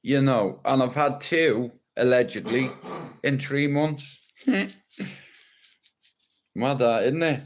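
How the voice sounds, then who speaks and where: A man's voice: mid-range voice, takes it slowly, pauses often. An Irish man talking on a live stream in a rambling, blunt and teasing way, with plenty of swearing. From Ireland. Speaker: livestreamer.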